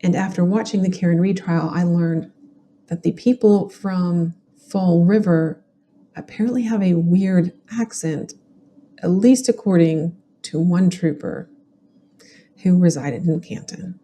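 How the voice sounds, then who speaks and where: A woman's voice: lowish voice, unhurried, dark tone, slight background noise. A woman with a Southern US accent hosting a genealogy and true crime show, giving chatty, opinionated commentary on court records.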